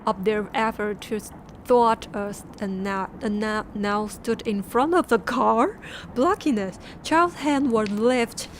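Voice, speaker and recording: A woman, a Mandarin speaker, reading a book aloud on a stream with halting restarts and chatty asides. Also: a little high, a little hiss or hum. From Taiwan. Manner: laughing asides between passages.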